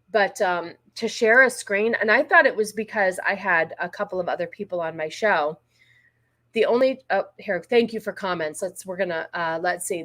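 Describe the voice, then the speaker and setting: A woman's voice: mid-range voice, a bit bright. A middle-aged woman hosting a casual commentary livestream, blunt and exasperated, with frequent profanity. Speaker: livestream host.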